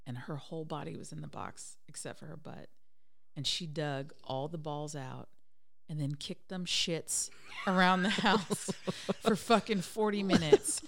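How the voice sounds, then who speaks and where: A woman in her thirties chatting casually, telling profane, animated stories and acting out her cat's meows. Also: sits low, unhurried, gravelly. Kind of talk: casual chat.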